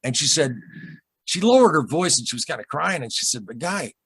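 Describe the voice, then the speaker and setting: A man recounting his own UFO encounter as an interview guest, in a halting, rambling way full of asides and restarts. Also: fairly high pitch, big pitch swings, fairly bright tone, husky, dry recording. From Michigan, USA. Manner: rambling, halting, with many repeated starts and asides. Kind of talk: emotional storytelling in a casual interview.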